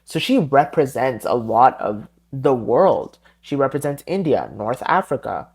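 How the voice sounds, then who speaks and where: A man's voice: medium pitch, lively intonation, a little slow, gravelly, slightly rough. Rambling solo podcast host, a man. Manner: rambling, tangent-prone, self-correcting.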